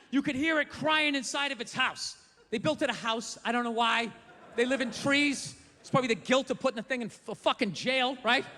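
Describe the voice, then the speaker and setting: On a comedy stage in front of an audience, a man rants through a profane stand-up bit, performing the voices of the people in his story. His voice is extremely high, strained and bright, and the live room adds long reverb and faint noise.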